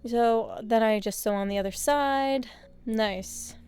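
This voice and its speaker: A young woman narrating a sewing vlog in a casual voice-over, with deadpan, self-mocking jokes. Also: a little high, takes it slowly, clean tone. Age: young adult. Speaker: sewing vlogger.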